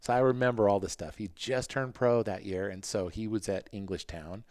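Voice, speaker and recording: A middle-aged man, a former motocross racer, telling racing stories on a podcast in a casual, animated way and acting out his own past thoughts in quick quoted lines. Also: on the low side, dry recording, studio quality. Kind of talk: casual storytelling.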